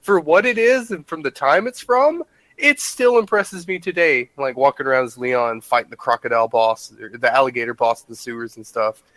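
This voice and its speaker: A man co-hosts a podcast, chatting casually and with real enthusiasm, dropping "like" again and again. His voice is mid-pitched, fairly quick and a little bright. The recording is rough but has no echo.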